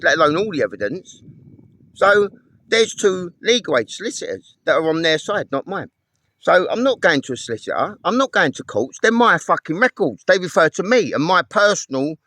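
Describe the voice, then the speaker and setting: A man's voice: sits high, pushed and bright, slight background noise. Angry sweary man ranting. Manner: sweary, heated, repeats himself. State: homeless. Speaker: vlogger. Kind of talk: angry personal rant to camera.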